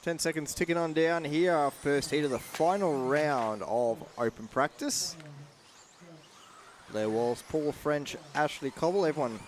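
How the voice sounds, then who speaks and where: A man's voice: fairly high pitch, a little slow, a little hiss or hum. An Australian man giving live race commentary at a radio-controlled car event, upbeat and reeling off driver names.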